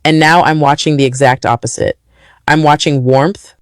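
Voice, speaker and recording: A man with a mid-pitched voice speaking slowly and from the heart, stacking short phrases. The sound is dry and close, with no room in it. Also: steady tone, no echo. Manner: measured, heartfelt, list-like phrasing. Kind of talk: emotional personal reflection.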